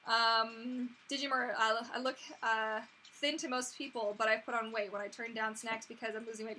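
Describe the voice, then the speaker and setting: Young female host, casual live Q&A, bubbly and squealy, fairly high, bright tone. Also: steady tone, normal speed, a little hiss or hum. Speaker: mermaid channel host. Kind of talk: live-stream Q&A chat.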